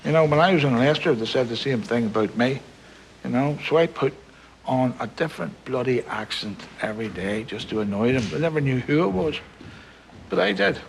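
Old belfast grandpa, gravelly, dry jokey storyteller. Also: male voice, medium pitch, animated, a little fast, slight background noise. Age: older. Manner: dry humour, gentle storytelling. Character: wry, warm-hearted old Belfast grandfather.

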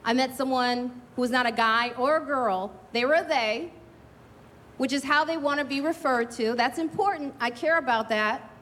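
A woman's voice: high voice, moderate pace, a bit bright. A middle-aged woman doing a brash, confiding, self-mocking stand-up set at an outdoor drive-in show. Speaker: stand-up comedian. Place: outdoor drive-in stage, parking lot.

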